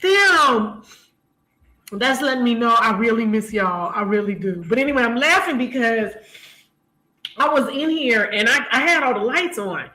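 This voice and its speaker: A woman's voice: on the high side, expressive, normal speed, bright, forceful tone. A woman hosting a casual live stream from home, chatting with viewers, laughing often and greeting them by name. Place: home room, lights turned down. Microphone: camera mic. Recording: echoey room.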